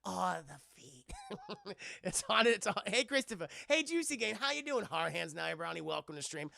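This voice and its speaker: A man's voice: high voice, sing-song, moderate pace, creaky, sharp tone. A man casually recapping a horror film for his live chat, swearing freely and acting out the scenes. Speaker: livestream film reviewer.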